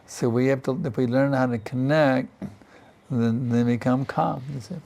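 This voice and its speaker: Older man with a gravelly voice giving a class. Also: mid-range voice, fairly even intonation, normal speed, a little mellow. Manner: conversational, repeats "isn't it" and "you see", laughs often. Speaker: spiritual teacher giving a class. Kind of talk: scripture class sermon. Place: temple in Vrindavan.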